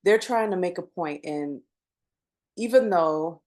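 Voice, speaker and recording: A woman with a fairly low voice co-hosts a casual podcast. She talks things through unhurriedly and thoughtfully, with laughing asides along the way. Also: slow pace, darkish tone. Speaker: podcast co-host. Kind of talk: casual chat.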